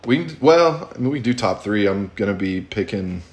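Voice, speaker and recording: A man's voice: on the low side, lively intonation, a little fast. A man co-hosting a casual podcast, rambling with plenty of ums and restarts. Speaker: podcast co-host.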